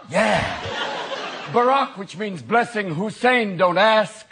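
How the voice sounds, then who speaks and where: A man doing live stand-up comedy in a theatre, manic and fast-shifting, jumping between shouted bits and low asides. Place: large theatre with audience. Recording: loud crowd laughter and noise.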